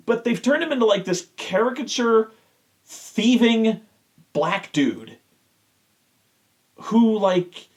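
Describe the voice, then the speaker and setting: A man's voice: high-pitched, lively intonation, takes it slowly, long pauses. A man hosting a show, ranting with exasperation and heavy swearing. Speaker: show host. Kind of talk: profane rant.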